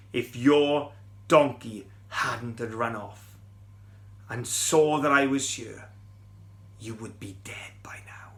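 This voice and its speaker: A man voicing a mighty angel in a low, solemn near-whisper. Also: fairly bright tone, reverberant.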